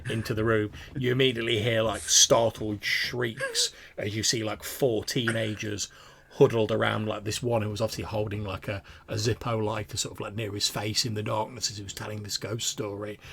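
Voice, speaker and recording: Gravelly low-voiced game master. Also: male voice, steady tone, moderate pace, hardly any pauses, fairly bright tone, slight background noise. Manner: descriptive, hesitant restarts. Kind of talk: narrating a tabletop game.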